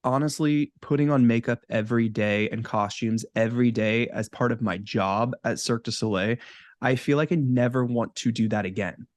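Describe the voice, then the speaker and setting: A man's voice: medium pitch, moderate pace, no echo. Upbeat chatty man co-hosting a podcast. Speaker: podcast co-host. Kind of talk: casual chat.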